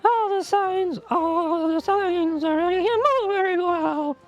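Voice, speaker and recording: A woman voicing a shy, timid male witness who carries a sign, in a squeaky, hesitant, halting voice, as she reads a video game's lines aloud. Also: lo-fi sound. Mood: meek.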